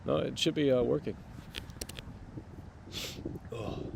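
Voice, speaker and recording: A man hosting a live stream, rambling to his chat with sudden loud bursts. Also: mid-range voice, slow pace, gravelly, background noise.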